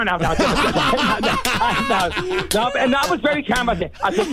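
An Australian man telling rambling, animated stories as a guest over the phone, often laughing at himself. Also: very high-pitched, a little slow, noisy background. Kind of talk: casual storytelling.

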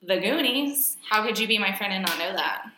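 A woman's voice: medium pitch, animated, moderate pace, sharp tone. A woman co-hosting a podcast in casual chat, talking emphatically and playfully, often repeating herself. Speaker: podcast co-host. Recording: echoey room.

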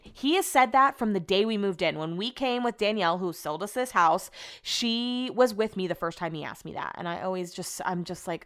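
Woman podcast host, smooth clear tone, casual chatty storytelling, swears, mid pitch. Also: animated, fairly quick. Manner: chatty, swears freely, acts out quotes in high voices.

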